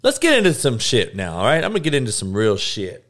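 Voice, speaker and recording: A man's voice: mid-range voice, huge pitch swings, fast talker, fairly bright tone. A man hosting a live podcast, ranting bluntly with constant profanity, repeating lines for emphasis and calling out listeners by name. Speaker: podcast host.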